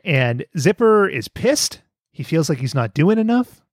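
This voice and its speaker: A man hosting a casual podcast, telling a cartoon plot with lively storytelling and frequent laughter. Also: on the high side, unhurried, no room sound, clean studio sound. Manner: animated storytelling, laughs often. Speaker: podcast host. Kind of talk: casual cartoon recap chat.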